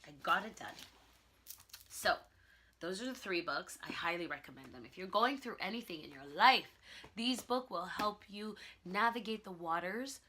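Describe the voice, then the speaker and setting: Young woman vlogging, bright voice, chatty and laughing a lot. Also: mid-range voice, normal speed, slight background noise. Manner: animated, laughing, emphatic storytelling. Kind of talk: casual vlog monologue.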